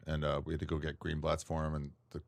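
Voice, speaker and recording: A man, a comedian guest, telling stories in casual chat, lively and laughing often as he acts out what others said. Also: extremely low pitch, quick pace. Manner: animated storyteller, acts out quotes, laughs often. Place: tent.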